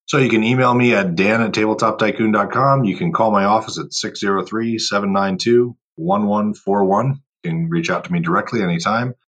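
Guest, male, deep husky voice, driven and emphatic, interview chat. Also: fairly quick, hardly any pauses, a bit bright. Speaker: guest, board game company owner. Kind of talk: casual podcast interview.

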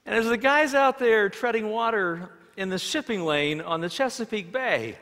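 A man preaching a sermon in a dramatic way, shifting between loud emphasis and hushed tones as he tells stories. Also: high-pitched, lively intonation, normal speed. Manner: storytelling with acted quotes. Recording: long reverb of a large hall.

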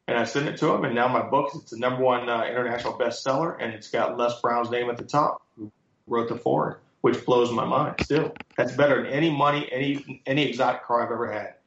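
A man being interviewed as a guest speaker, telling lively stories and quoting others with emphasis. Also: mid-range voice, fairly quick. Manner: animated storyteller, quotes others with emphasis. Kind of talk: storytelling interview answers. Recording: echoey, muffled sound.

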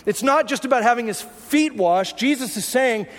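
A man with a very high voice preaching a sermon in a church sanctuary. He talks conversationally and keeps putting rhetorical questions to the congregation. A long reverb trails after every phrase. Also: expressive, normal speed. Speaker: pastor.

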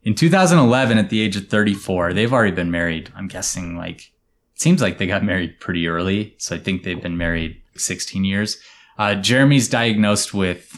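A man hosting a podcast, telling a story to his co-hosts in a relaxed, explanatory way that often drops to quiet asides. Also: low-pitched, a little fast. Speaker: storyteller host.

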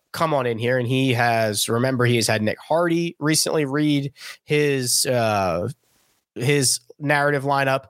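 A man's voice: medium pitch, a bit bright, no echo, studio quality. A man hosting a podcast, reading listener jokes in a playful, punny way. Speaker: podcast host. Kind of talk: casual podcast chat.

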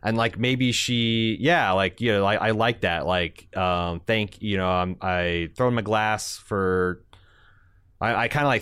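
Man, deep voice, smooth and resonant, laid-back, casual podcast chat. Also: unhurried, a bit bright, dry recording, clean studio sound. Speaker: podcast co-host.

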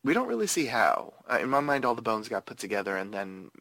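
A man hosts a loose movie-discussion podcast and talks through the plot with plenty of hesitations. His voice is bright and forceful. The sound is dry and close, with no room echo. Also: fairly low pitch, sing-song, fast talker, vocal fry. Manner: laughs often, recaps plot with loose hesitations. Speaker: podcast host. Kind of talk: casual movie-discussion chat.

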